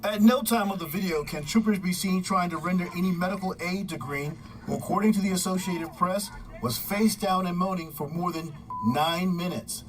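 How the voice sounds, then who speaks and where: A man delivering a scripted news report in a measured, formal way. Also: sits high, far from the mic, faint music behind, rough recording. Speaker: news correspondent.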